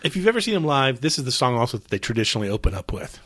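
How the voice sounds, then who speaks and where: A man's voice: mid-range voice, big pitch swings, racing, a bit bright, no echo. Podcast co-host: man, slightly wheezy, bantering, dry close sound. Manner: playful, joking banter. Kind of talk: casual chat.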